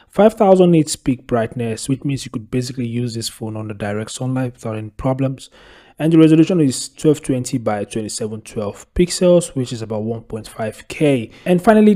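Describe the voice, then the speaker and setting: A man hosts a tech video and talks to his viewers in a chatty, casual way, calling them "you guys." His voice sits at an ordinary pitch with a dark, mellow tone. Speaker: tech channel host.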